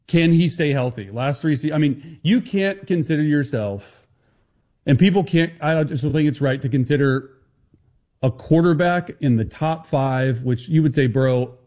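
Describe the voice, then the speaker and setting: A man appearing as a football analyst guest on a sports talk show, talking fast and confidently with quick restarts. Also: medium pitch, darkish tone.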